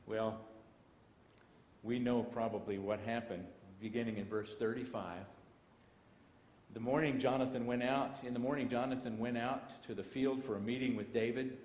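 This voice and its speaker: A Texan man teaches Bible class in a church auditorium, reading scripture aloud between folksy asides, at a moderate pace. His medium-pitched voice is a little mellow, with fairly even intonation. Slight background noise accompanies this echoey church hall broadcast.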